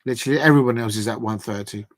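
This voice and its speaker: A man hosting a live football transfer show, talking casually and hesitantly with lots of fillers. His voice sits at a middle pitch and sounds dry and close, with no room echo. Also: very fast. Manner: chatty, hesitant, many fillers, reads quotes aloud.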